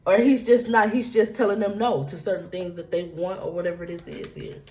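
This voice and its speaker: A woman's voice: lowish voice, level tone, a little fast, mellow, rough recording. A woman giving a casual tarot reading, talking straight to her viewers in a loose, repetitive, profane way. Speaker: tarot reader.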